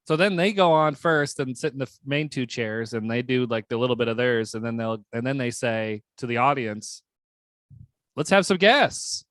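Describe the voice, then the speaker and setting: Animated man telling a story in a dry room. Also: a little fast, few pauses, smooth, no echo. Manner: animated storyteller, acts out quotes with sudden high yelps. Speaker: podcast co-host. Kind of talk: casual chat.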